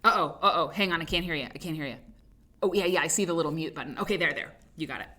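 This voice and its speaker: A Midwestern American woman hosts a casual livestream from her home studio, which has a green screen. Her voice is low-pitched, bright and forceful, and she talks very fast in a chatty, rambling way, laughing easily.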